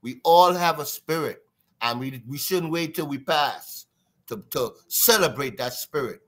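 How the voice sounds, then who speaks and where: Animated Trinidadian man, bright voice. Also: fairly high pitch, unhurried. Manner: lively, sing-song, imitates drum sounds. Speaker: guest drummer. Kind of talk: animated storytelling interview.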